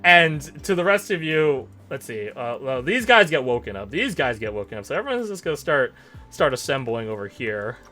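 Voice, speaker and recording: A man running a tabletop game as game master, narrating in a lively, jokey way. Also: mid-range voice, normal speed, faint music behind.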